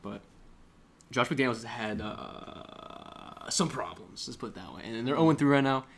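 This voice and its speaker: A man's voice: medium pitch, moderate pace, vocal fry, a little hiss or hum. Young man telling rambling joking stories. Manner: rambling, joking, animated storytelling. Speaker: podcast co-host. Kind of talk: casual chat. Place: small room.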